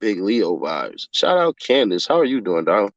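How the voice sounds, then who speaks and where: A young man chatting casually on a livestream and reading his chat aloud, cursing, laughing often, and jumping from mumbling to yelling. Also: on the low side, very animated, normal speed, dry recording. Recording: dull lo-fi dry sound.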